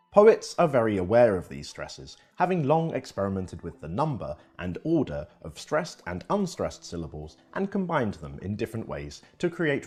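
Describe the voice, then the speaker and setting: A man reading a scripted educational narration in a lively storytelling manner. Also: low-pitched, breathy edge.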